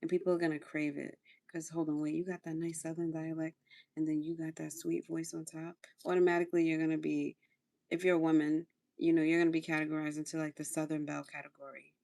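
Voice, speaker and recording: A woman hosting a relaxed livestream, talking while she does her skincare. Her voice sits a little low, with lots of gravelly vocal fry. She coaches her viewers and repeats her phrases for emphasis. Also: quick pace. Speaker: livestream host. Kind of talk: casual livestream chat during a skincare routine.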